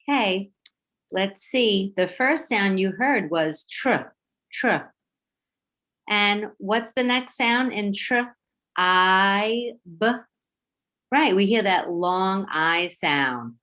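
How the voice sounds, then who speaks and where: A woman teacher with a New York accent leading a children's phonics lesson, slow, clear and encouraging as she sounds words out. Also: mid-range voice, expressive, a bit bright.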